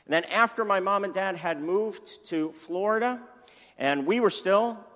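A male pastor preaching with energy and playful humor, his voice sitting a little high. The sermon rings out through a church sanctuary with a long, echoing reverb behind every phrase. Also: a little slow, a bit bright. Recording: echoey church hall.

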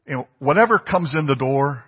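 Heard through a dull, lo-fi church recording full of long reverb, a male pastor preaches conversationally and asks his congregation questions. He has a medium-pitched, slightly rough voice with lively intonation and talks fairly quickly.

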